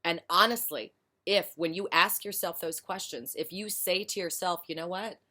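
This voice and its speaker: A woman educator talking frankly and passionately about teaching practice in her own lower-pitched voice. She leans hard on key points and speaks emphatically. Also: normal speed, sharp tone. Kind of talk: casual spoken commentary.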